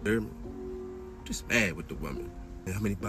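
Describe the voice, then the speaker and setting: A man giving a casual, preachy spiritual monologue in heavy slang, asking "you heard me?" again and again and swinging from a low mutter to loud, raised outbursts. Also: very animated, quick pace. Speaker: spiritual talk host. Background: music.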